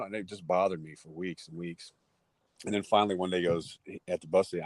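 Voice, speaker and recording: A man in his forties from Texas, a podcast guest telling lively, casual anecdotes and acting out the voices in them. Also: sits low, fast, no room sound. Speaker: podcast guest, former ballplayer. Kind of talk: casual storytelling.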